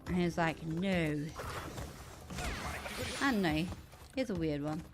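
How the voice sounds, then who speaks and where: A woman's voice: lowish voice, animated, brisk, music in the background. Chatty, swearing woman streamer. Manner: chatty and swearing, with loud outbursts at the game. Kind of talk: casual chat while gaming.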